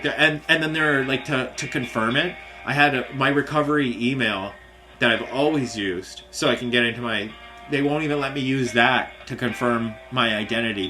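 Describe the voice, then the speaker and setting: Frustrated young man ranting, bright voice. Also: medium pitch. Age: young adult. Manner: frustrated, swearing, halting restarts, mocking quoted voices. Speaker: vlogger. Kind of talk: angry venting rant.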